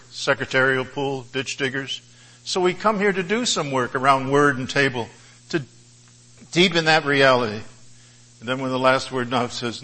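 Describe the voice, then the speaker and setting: A man's voice: fairly high pitch, bright, forceful tone, low-quality recording. A man preaching a sermon in a conversational, folksy way, with humorous asides and storytelling.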